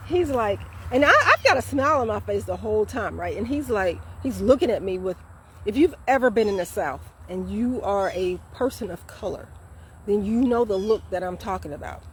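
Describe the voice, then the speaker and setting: A woman in her fifties, a vlog host, casually retelling a story in a chatty, animated way with fillers. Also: mid-range voice, slight background noise. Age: 50s.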